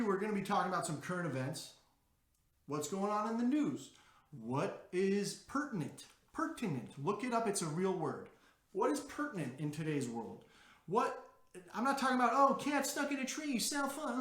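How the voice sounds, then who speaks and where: A man hosting a podcast in a brash, profane, excitable unscripted monologue. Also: fairly high pitch, echoey room. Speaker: podcast host.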